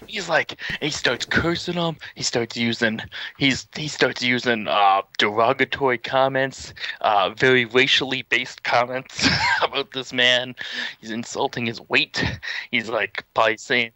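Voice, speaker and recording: A man's voice: mid-range voice, unhurried, dry recording. A young man streaming and telling a funny story casually, laughing and swearing. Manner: animated, laughing, profane.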